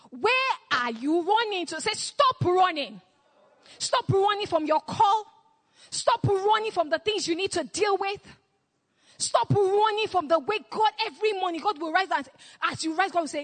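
A woman's voice: extremely high pitch, lively intonation, normal speed, fairly bright tone, big-room sound. A woman preaching a sermon, repeating short refrains and urging the congregation to answer back. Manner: impassioned, call-and-response exhortation with repeated refrains.

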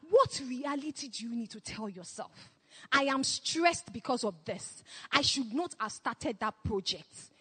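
A woman's voice: sits high, a bit bright, in a large hall. A woman preaching a sermon, repeating short refrains and urging the congregation to answer back. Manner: impassioned, call-and-response exhortation with repeated refrains.

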